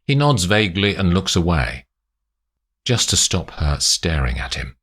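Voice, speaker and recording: A man narrating a spy story aloud in a slow, expressive way. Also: low voice, husky. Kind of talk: audiobook narration.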